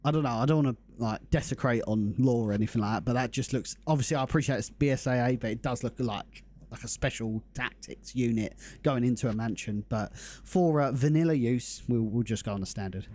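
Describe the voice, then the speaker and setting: A young man hosts a game live stream. His voice is mellow and warm, at a middling pitch. He chats casually and upbeat, greeting his viewers by name. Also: brisk. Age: young adult. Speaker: livestream host.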